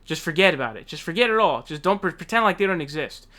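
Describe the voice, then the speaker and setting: Male commentary host, high-pitched, heated and profane, casual rant. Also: animated, fast, bright, forceful tone.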